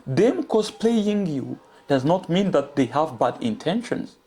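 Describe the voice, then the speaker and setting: A man from Africa delivers a commentary monologue straight to his audience, earnest and a little preachy. His pitch rises and falls in lively swings. His tone stays mellow and dark. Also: unhurried, slightly rough. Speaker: commentary channel host.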